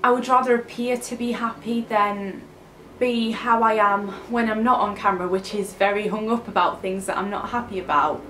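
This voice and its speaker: A woman's voice: mid-range voice, fairly even intonation, moderate pace, fairly bright tone, reverberant, a little hiss or hum. A young woman talking openly and a little hesitantly in a casual confessional vlog. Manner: open, emotional, hesitant. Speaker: vlogger.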